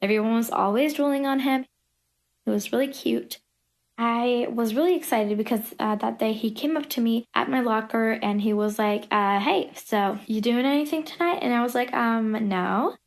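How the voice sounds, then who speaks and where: Female narrator, animated storytime, slightly high voice, gushing teen-style chatter. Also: moderate pace. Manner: chatty, filler-heavy teen talk.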